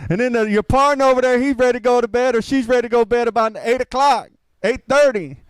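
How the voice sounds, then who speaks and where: A man preaching a lively, conversational sermon as pastor, asking the congregation questions. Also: very high-pitched, fast talker, clean tone, no echo, rough recording.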